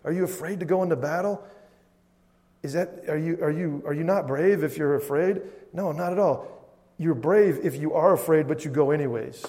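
A pastor with a mellow voice on the high side preaches a sermon at normal speed, often calling out "Amen?" to the congregation. The recording carries a long hall reverb.

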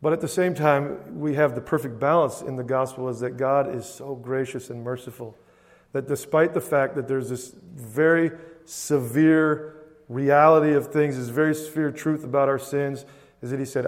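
A man preaching a sermon as a pastor, conversational and emphatic, swinging between loud and soft. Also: mid-range voice, steady tone, normal speed, long reverb tail. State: choked up with emotion.

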